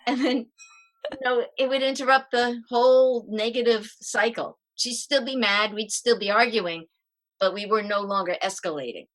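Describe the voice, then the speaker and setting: A middle-aged woman, a parenting coach, explaining calming techniques as a podcast guest in a lively way and acting out the steps. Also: fairly high pitch, moderate pace. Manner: lively, demonstrating exercises as she explains.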